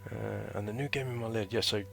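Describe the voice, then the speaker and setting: A man's voice: on the low side, steady tone, a little fast, creaky, a bit bright, soft background music. A man in his thirties telling a chatty, rambling story about his military training in a casual vlog. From United Kingdom. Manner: rambling and chatty, full of fillers and slang. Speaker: former recruit recounting training.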